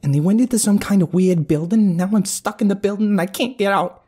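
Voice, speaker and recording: A man's voice: high voice, breathy edge, pitched above the performer's own voice. A man voicing a panicked young woman in a gang, talking sharply and in a hurry, in a spoken horror story. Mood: urgent. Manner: urgent, sharp, hurried.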